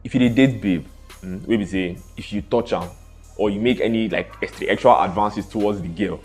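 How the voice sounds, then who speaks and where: A man's voice: fairly low pitch, fairly quick, darkish tone, soft background music. A young man with a Nigerian accent giving blunt dating advice in a casual monologue, switching between pidgin and English and often checking "you get?".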